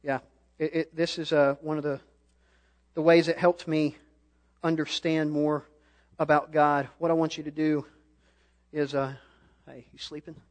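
High-voiced young male preacher. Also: little pitch movement, measured pace, long pauses. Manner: storytelling, builds to impassioned shouting. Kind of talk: sermon. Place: church stage.

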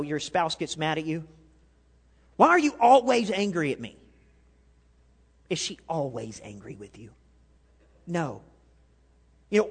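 Animated high-voiced man preaching a sermon. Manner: animated, swings from loud to quiet, rhetorical questions to the congregation. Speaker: pastor. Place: church sanctuary. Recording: long hall reverb.

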